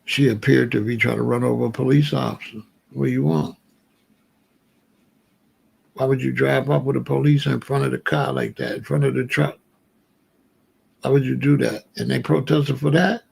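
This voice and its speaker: A middle-aged man hosting a commentary show, telling a street story in a casual, animated way. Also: mid-range voice, moderate pace, gravelly, long pauses, husky. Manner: animated storyteller, breaks into quoted dialogue.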